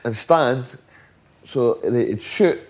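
A man's voice: medium pitch, extremely slow, darkish tone. Swearing Scottish man telling stories. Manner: swearing, rambling anecdotes acting out quotes. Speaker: former footballer guest. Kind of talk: casual storytelling chat.

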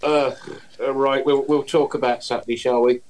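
A man's voice: mid-range voice, level tone, normal speed, darkish tone, rough recording. A man hosting a casual football fan podcast, chatty and laughing often, with plenty of fillers. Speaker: podcast host.

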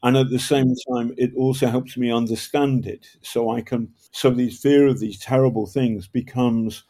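An older man with a northern English accent talks through a long interview answer in a mid-pitched voice. He tells his stories in a rambling way, breaking off mid-sentence and starting again. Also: steady tone, moderate pace, warm tone. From Northern England. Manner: rambling, self-interrupting storyteller with projected voice. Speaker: guest, journalist and author. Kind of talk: conversational storytelling interview.

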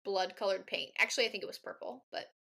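A woman's voice: medium pitch, fairly even intonation, quick pace, vocal fry, pushed and bright, breathy edge. A woman co-hosting a podcast, chatting playfully and joking, with lots of "like". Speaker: podcast co-host. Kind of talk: casual chat recapping a movie.

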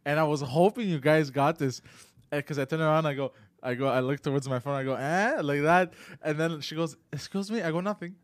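A man's voice: fairly even intonation, fast talker, hardly any pauses, no room sound. A man telling a sheepish story on a comedy podcast, often laughing and stumbling over his words. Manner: laughing, hesitant, many fillers, low mumbling asides. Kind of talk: casual comedic chat.

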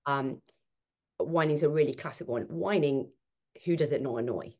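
A woman with a lower voice talks through her parenting ideas on a podcast. She is animated and swings into quoted voices as she explains. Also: normal speed. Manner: animated, acts out quoted speech. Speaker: podcast guest, author. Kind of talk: conversational interview.

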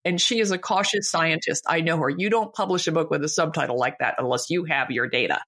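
A woman's voice: on the low side, vocal fry, a bit bright, breathy edge. An older woman, a guest author, speaking emphatically and with firm opinions in a conversational interview.

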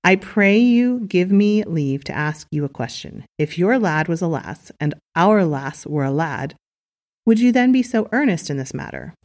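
A blunt Scottish official makes a defiant, earnest case, read aloud by a woman in her own low voice. The words come steadily, with no put-on accent. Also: animated, unhurried, a little mellow.

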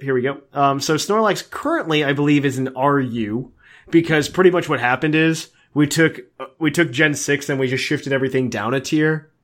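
Man, podcast co-host, casual chat, rambling, filler-heavy, mid-pitched. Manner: enthusiastic, rambling with many fillers.

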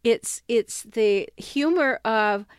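A woman's voice: fairly high pitch, takes it slowly, clean tone, no echo, studio quality. A woman author speaking directly to her listeners in a wry, conversational way, with the odd uneasy laugh. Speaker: self-help author and speaker. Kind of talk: conversational talk to camera or listeners.

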